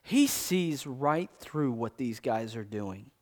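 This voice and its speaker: A man delivers a sermon with animated energy, acting out scripture. He swings dramatically in pitch and loudness, moving from loud, quick lines to low, slow King James readings.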